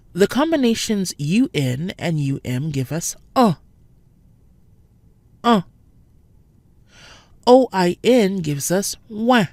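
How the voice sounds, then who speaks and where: A woman narrating a scripted French pronunciation lesson, speaking clearly and slowing down to model each sound. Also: low-pitched, darkish tone, dry recording.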